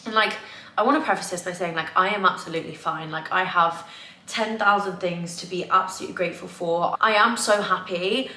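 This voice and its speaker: A woman's voice: fairly low pitch, fairly quick, sharp tone. A young woman vlogging casually at home, chatty and candid, full of "like" fillers. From England. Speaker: lifestyle vlogger. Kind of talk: casual confessional vlog. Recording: echoey room, faint ambience.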